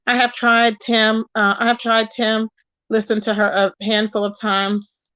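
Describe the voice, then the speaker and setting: A woman hosting a live stream, reading her chat aloud and gossiping in an animated, chatty way, calling her viewers baby and child. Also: a little high, measured pace, dry recording, highs cut off. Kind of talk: casual gossip commentary.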